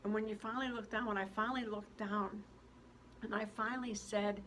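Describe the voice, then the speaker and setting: A woman's voice: medium pitch, fairly even intonation, fairly quick, noisy background. Earnest woman in her sixties. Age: 60s. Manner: earnest, heartfelt, direct to viewers. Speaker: author and speaker. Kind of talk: motivational talk to camera.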